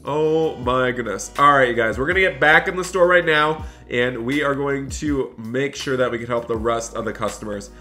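A man hosting a gaming roleplay video as a store cashier, excitable, switching between chatting with viewers and scolding customers. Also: mid-range voice, normal speed, few pauses, faint music behind.

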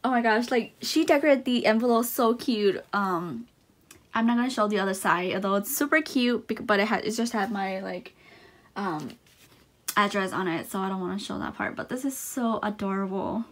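A young woman chatting casually as she unboxes merch, gushing and excitable, with lots of fillers and gasps. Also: mid-range voice, normal speed. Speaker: unboxing vlogger.

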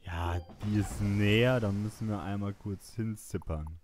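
A man's voice: lowish voice, a little slow, darkish tone, faint music behind. A man with a German accent giving joking, chatty commentary while playing a game. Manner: joking, chatty, mutters to himself. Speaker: let's play host. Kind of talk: casual gameplay commentary.

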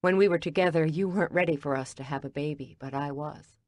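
A woman reading the lines of an earnest man who was once the heroine's lover, in a soft, hushed, low-key way. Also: quick pace, no room sound, studio quality, lightly acted. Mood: hurt.

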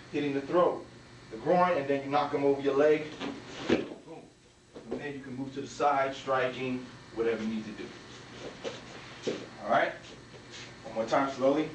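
A man teaching a martial arts technique, walking through each move and punctuating the strikes with sharp sound words. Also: noisy background. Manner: talks while demonstrating moves, punctuated with "bam" and "boom". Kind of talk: demonstration walkthrough. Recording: echoey room, from a distance.

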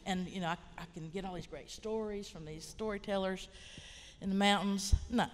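A woman's voice: mid-range voice, moderate pace, slight background noise. Southern Appalachian woman in her fifties, plainspoken rambling panelist, slight reverb from a large hall. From Appalachia, western North Carolina. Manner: frank, rambling, plainspoken, with mild swearing. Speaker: writer and college teacher on a panel. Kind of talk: casual panel storytelling.

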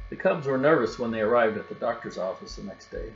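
A man narrating a children's storybook aloud in a steady, gentle way. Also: mid-range voice, fast, creaky, few pauses, soft background music. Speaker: storybook reader. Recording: dull recording with faint hum.

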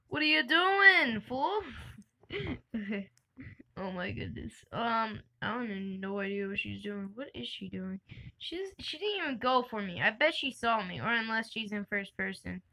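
A young woman giving chatty, excitable gameplay commentary for her channel, laughing and shrieking often. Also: on the high side, moderate pace, vocal fry, poor audio. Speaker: gaming channel host.

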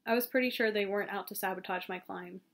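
A woman reads a novel aloud in a calm, steady voice at an ordinary pitch. She sometimes trips over a word and starts the phrase again. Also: fast. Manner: calm, steady reading with small slips and restarts. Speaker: audiobook reader.

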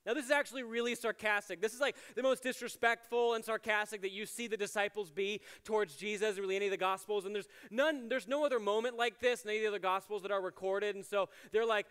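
A man's voice: high-pitched, fairly even intonation, quick pace, few pauses, fairly bright tone, clear, resonant tone. A man giving a casual, conversational sermon as a chapel ministries director, chatty with many "like" fillers and playful asides. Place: university chapel. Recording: long hall reverb in a chapel.

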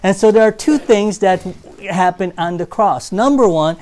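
A man preaching a sermon in a church, telling stories and swinging from loud emphasis to quiet asides. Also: high voice, lively intonation, normal speed.

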